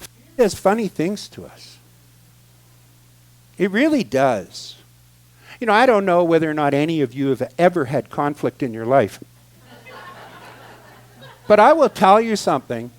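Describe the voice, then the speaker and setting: Man, high voice, guest speaker, humorous storytelling, animated, loud then hushed. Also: unhurried, pauses often. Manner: animated, expressive, swings from loud excitement to quiet asides.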